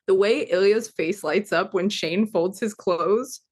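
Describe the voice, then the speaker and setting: Her voice is medium-pitched, slow, husky, and a little mellow as she co-hosts a podcast. She chats casually about a TV adaptation, gushing with enthusiasm and leaning heavily on "like" and other fillers.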